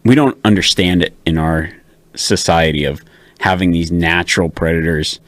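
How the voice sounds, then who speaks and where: A deep-voiced man appearing as a podcast guest, speaking in a relaxed, easygoing way with casual slang. The close studio mic keeps his voice dry and clear. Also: normal speed, no room sound. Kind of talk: casual conversation.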